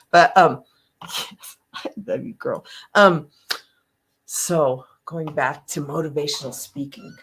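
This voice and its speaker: Animated older woman hosting a motivational talk. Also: fairly low pitch. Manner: animated, emotional storytelling with frequent laughs. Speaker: host.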